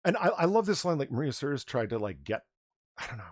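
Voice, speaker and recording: A man's voice: mid-range voice, big pitch swings, fast, no echo, clean studio sound. A man hosting a casual livestream chat, sarcastic and profane. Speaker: host.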